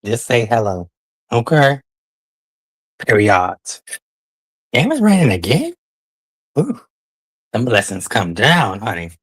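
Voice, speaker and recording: A man's voice: medium pitch, wildly swooping pitch, slow pace, pauses often, a bit bright, slightly rough, dry recording. A man hosting a casual livestream, talking in a sassy, drawling way and calling his listeners honey and child. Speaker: livestream host.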